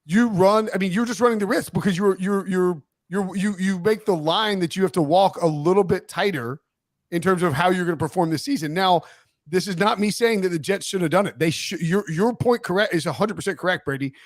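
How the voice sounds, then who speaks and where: A man's voice: high voice, brisk, dry recording, studio quality. A man co-hosting a sports podcast, rambling and teasing as he talks through football takes. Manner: rambling, self-correcting, teasing. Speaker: podcast co-host. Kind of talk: casual sports chat.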